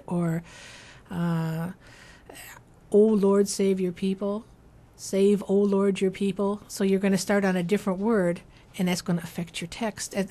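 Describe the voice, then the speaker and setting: A woman's voice: lowish voice, dark tone. A woman composer and translator of church chant, explaining her method carefully in an interview and stopping now and then to sing short chanted phrases. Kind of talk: explanatory interview talk with sung examples.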